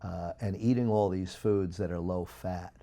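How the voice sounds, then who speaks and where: Gravelly, deep-voiced man, emphatic. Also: fairly even intonation, normal speed. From United States. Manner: emphatic, preachy, with big swings in loudness. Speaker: guest speaker. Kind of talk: interview talk.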